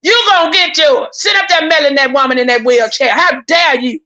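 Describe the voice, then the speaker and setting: A woman, holding forth on a live stream in a high, ringing voice. She sounds indignant and preachy, hammers her points again and again and trips over her words when she gets worked up. She keeps turning to her viewers as "y'all.". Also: fairly quick, pushed and bright, muffled recording. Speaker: YouTube commentator. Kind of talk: heated live-stream commentary.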